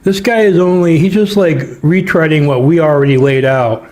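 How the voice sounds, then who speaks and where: A man's voice: fairly high pitch, steady tone, moderate pace, a little mellow. A man hosting a livestream, mocking a clip with sarcastic, profane commentary. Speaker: host.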